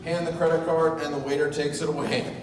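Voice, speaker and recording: Animated groom telling a story in an echoey hall. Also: male voice, fairly high pitch, a little fast. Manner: animated, self-mocking storyteller. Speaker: groom giving a wedding speech. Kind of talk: comedic storytelling speech. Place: large reception hall. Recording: echoey hall, voice from far off, audible room noise.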